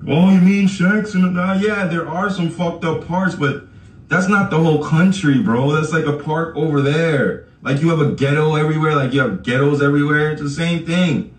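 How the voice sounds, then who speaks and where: His voice is fairly high and his pace moderate as he hosts a podcast, directly addressing listeners with a loose, foul-mouthed rant broken up by frequent laughter. The mic is far away in an echoey space.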